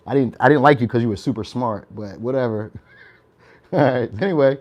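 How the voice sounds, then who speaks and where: A man's voice: mid-range voice, moderate pace, long pauses, a little mellow. Young male tarot reader with a mid-range voice. Loose, chatty delivery with frequent laughs. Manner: chatty, laughs often, tags lines with "all right?". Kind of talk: casual tarot reading.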